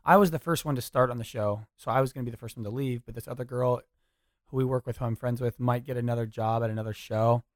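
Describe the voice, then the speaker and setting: Fast-talking young man telling stories. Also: medium pitch, no room sound, studio quality. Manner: animated, fast, swears freely. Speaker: podcast host. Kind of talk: casual storytelling chat.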